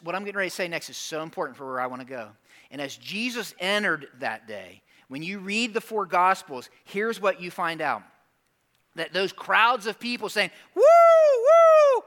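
A man preaching a sermon in a church, animated, acting out voices of the crowd and dropping to hushed, serious asides. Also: high voice. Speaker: pastor.

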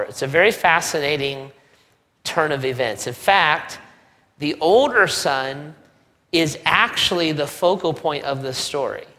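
A male pastor preaching a sermon in a conversational, animated way, with joking asides. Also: on the high side. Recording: long reverb of a large hall.

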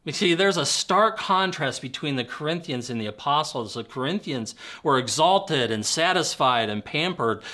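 Bright-voiced man preaching a sermon. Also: mid-range voice. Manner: earnest, with light humor and vivid storytelling. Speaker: pastor.

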